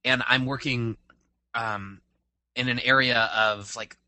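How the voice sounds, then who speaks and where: A man co-hosting a podcast chats casually and rambles, using lots of fillers. His medium-pitched voice has a sharp tone and fairly even intonation, and he speaks slowly with no echo.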